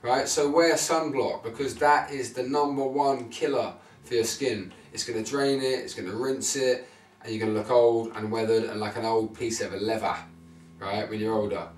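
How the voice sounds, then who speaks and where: A man's voice: mid-range voice, fairly even intonation, moderate pace. Male vlogger, blunt chatty advice, roomy sound off a distant mic. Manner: blunt, swears, checks in with 'right?' and 'okay?'. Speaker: men's fashion vlogger. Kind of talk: casual direct-to-camera advice. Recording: echoey room, mic at a distance.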